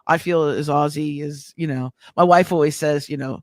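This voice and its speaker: American woman, lowish and dry. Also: steady tone, no room sound. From United States. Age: middle-aged. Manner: warm, halting, with many restarts and fillers. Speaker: guest business coach. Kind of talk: casual interview chat.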